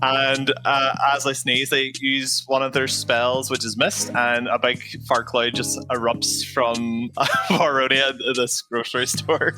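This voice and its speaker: A man's voice: mid-range voice, level tone, a little slow, few pauses, over music. A man playing a tabletop game, describing his character's actions in a casual, laid-back way. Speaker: player.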